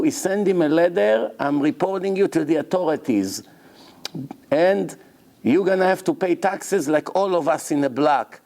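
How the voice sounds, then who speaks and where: A rabbi gives a Torah lecture and tells a long personal story. His gravelly voice sits a little high and swings widely in pitch as he plays out the dialogue. He jumps between his own voice and the people he quotes. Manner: animated storyteller, acts out both sides of dialogues.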